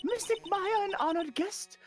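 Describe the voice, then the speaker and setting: Man doing a high solemn female attendant. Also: moderate pace, soft background music. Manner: formal, announcing.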